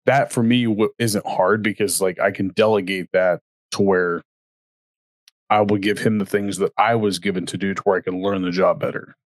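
A man's voice: deep voice, steady tone, moderate pace, dry recording, studio quality. A man co-hosting a podcast, talking casually and rambling with frequent restarts. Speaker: podcast co-host. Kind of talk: casual chat.

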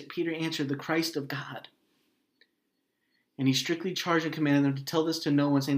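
A man preaching as a pastor, earnest and emotional, pausing often and dropping his voice soft and low. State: grieving, voice heavy with hurt. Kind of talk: sermon and prayer.

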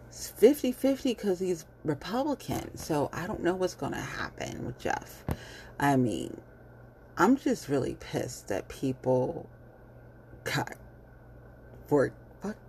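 Woman, vlog rant, gravelly, low-pitched, blunt, cursing, lots of "like". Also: wildly swooping pitch, takes it slowly, long pauses, dark tone, a little hiss or hum. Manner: blunt, profane, heated; fillers and repetitions. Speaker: vlogger. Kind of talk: casual ranting commentary.

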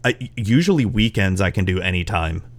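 A podcast host from Florida chats casually in a low, animated voice that runs a little fast. He rambles through the interview, restarting often and leaning on fillers.

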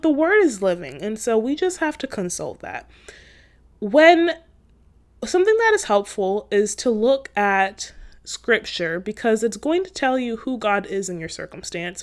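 A young woman hosting a podcast, talking casually about faith in a chatty, earnest way full of "like" fillers. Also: fairly high pitch. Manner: earnest and encouraging, gently preachy. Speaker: podcast host.

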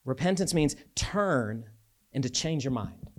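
A man preaching a sermon as a pastor, talking in a conversational, animated way with casual asides. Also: medium pitch, a little slow.

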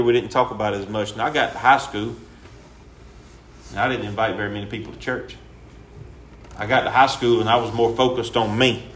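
A young man preaching a sermon in an earnest, repetitive way, with folksy, casual grammar. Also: medium pitch.

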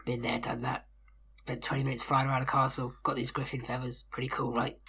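A man playing a tabletop game, eager and quick to interrupt. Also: medium pitch, flat delivery, pushed and bright, husky. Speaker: player. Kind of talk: casual tabletop game play.

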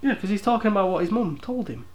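A man's voice: sits high, animated, fast, a little mellow. A man co-hosting a podcast in casual chat, stubbornly arguing back. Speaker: podcast co-host.

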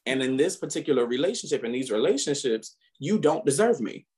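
A man co-hosting a podcast, chatting casually and telling stories animatedly, often laughing and rising in pitch when indignant. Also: fairly quick, husky. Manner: animated storytelling with frequent laughter. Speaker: podcast co-host. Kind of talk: casual chat.

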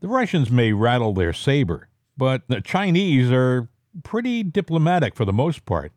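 A man hosting a casual political talk show, rambling with halting restarts. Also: medium pitch, sing-song, darkish tone, no room sound, clean studio sound. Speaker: podcast host.

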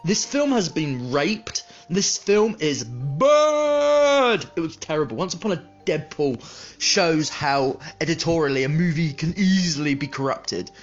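A man's voice: a little high, normal speed, muffled recording, soft background music. A man hosting a podcast, delivering a heated, sweary film review in a bitter tone.

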